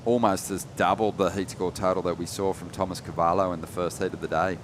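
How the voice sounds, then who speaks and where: A man calling a surf contest live, relaxed, rising in energy on big turns. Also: low-pitched, fast, a little hiss or hum. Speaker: surf commentator. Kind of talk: live sports commentary.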